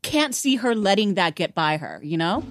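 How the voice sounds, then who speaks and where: A woman's voice: medium pitch, big pitch swings, normal speed. A woman co-hosting a casual entertainment chat, talking things through in a chatty, hedging way. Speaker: podcast co-host.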